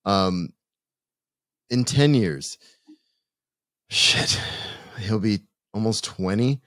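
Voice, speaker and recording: A man co-hosting a podcast, talking earnestly in a halting way with many restarts. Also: fairly low pitch, lively intonation, fairly bright tone, no room sound, studio quality. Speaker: podcast co-host. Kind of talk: casual podcast chat.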